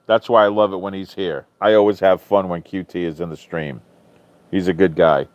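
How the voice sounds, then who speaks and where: A man hosting a live stream in casual chat, answering viewers' comments in a chatty, animated way, swearing freely and often laughing. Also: low-pitched, normal speed, smooth. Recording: dull lo-fi stream audio, dry.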